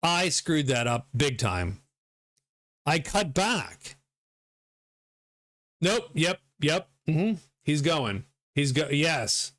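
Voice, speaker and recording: A middle-aged man giving live commentary on his gameplay, excitable, swearing and laughing often. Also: fairly high pitch, extremely slow, pauses often, no echo. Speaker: game streamer.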